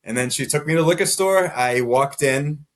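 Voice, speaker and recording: A man's voice: on the high side, normal speed, a bit bright. A man guest on a podcast, candidly telling his personal story in a rambling way, full of "like" fillers and self-deprecating laughs. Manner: rambling, heavy use of "like" fillers.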